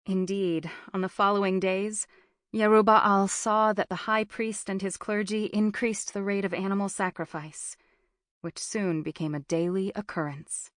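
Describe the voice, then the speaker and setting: A woman narrating a thriller audiobook in a measured, even storytelling manner on a close studio mic. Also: medium pitch, no echo.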